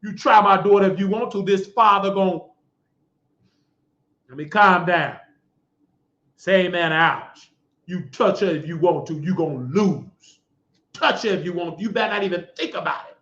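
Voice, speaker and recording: A man's voice: high-pitched, normal speed, long pauses, fairly bright tone. A middle-aged man hosting a talk show, delivering a scolding, mocking, preachy rant. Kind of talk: ranting monologue. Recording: echoey lo-fi room sound.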